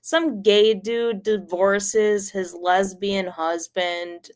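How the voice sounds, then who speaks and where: Talking very slowly in a mid-range voice, a woman on stream rambles through a personal anecdote, leaning on "like," swearing freely and getting animated.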